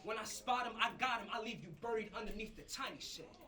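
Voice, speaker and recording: A man's voice: high-pitched, quick pace. A man performing boastful, aggressive battle rap verses to a live crowd in an upper-floor campus venue. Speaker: battle rapper. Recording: distant mic with loud crowd.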